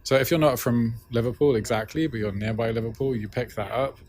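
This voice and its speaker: A man's voice: medium pitch, fairly quick, darkish tone. A man being interviewed, explaining with frequent "right?" checks. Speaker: linguist interviewee. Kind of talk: conference interview.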